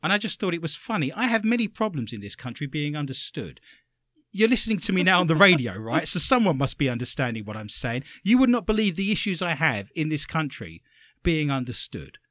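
A man with an English accent hosting a comedic radio show, telling stories with sarcastic, animated delivery. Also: on the high side, dry recording. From England. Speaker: radio host.

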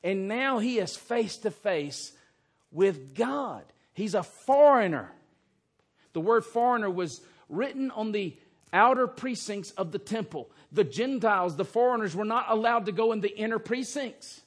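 A man's voice: high-pitched, animated, unhurried. A man preaching an expository sermon in a church, emphatic and fond of rhetorical questions. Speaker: pastor. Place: church sanctuary.

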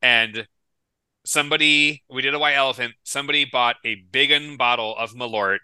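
Bright-voiced man telling rambling stories. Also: medium pitch, fairly even intonation, moderate pace, smooth, no echo, rough recording. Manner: rambling storyteller with restarts. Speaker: podcast co-host. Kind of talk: casual chat.

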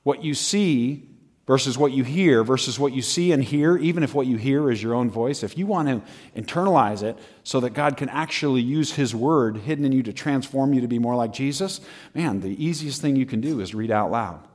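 A man's voice: medium pitch, normal speed, darkish tone. A male preacher with an ordinary mid-range voice, giving a humorous and conversational sermon. He speaks with energy, often breaks into laughter and pushes his voice up for emphasis.

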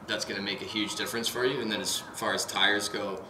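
A low-voiced man co-hosting a podcast, easygoing and a little hesitant, pausing on ums as he explains. The room echoes, with steady noise behind. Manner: laid-back, hesitant, lots of ums. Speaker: podcast co-host. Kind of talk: casual chat.

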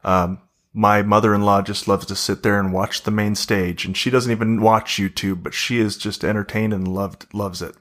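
A man's voice: lowish voice, little pitch movement, normal speed, a bit bright. A man guest on a talk show, speaking about his event in a plain, matter-of-fact way. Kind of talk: casual interview.

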